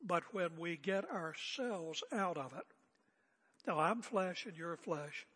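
An older man preaching a sermon as pastor, seated and speaking in a calm, conversational way with rhetorical questions. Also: on the high side, slow, slightly rough, long reverb tail. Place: church sanctuary. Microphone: seated at pulpit area mic.

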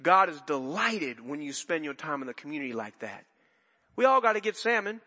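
Male pastor, conversational sermon full of asides and restarts, lifted pitch, echoing church. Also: big pitch swings, fairly quick, pushed and bright. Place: church sanctuary.

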